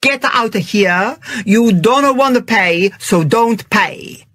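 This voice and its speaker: A narrator voicing a huge, furious restaurant owner who speaks with a thick Italian accent and bellows. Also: male voice, sits high, lively intonation, slow, dry recording, voice pushed up, heavily acted. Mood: enraged. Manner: thick accent, raised, shouting.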